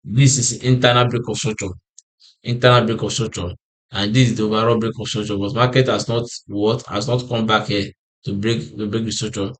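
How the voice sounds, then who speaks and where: A man's voice: on the low side, flat delivery, brisk. A man explaining trading charts in a lesson, tired and yawning, who repeats and restarts his phrases and asks himself "what?" before answering. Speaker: forex trading analyst. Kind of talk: screen-share chart walkthrough.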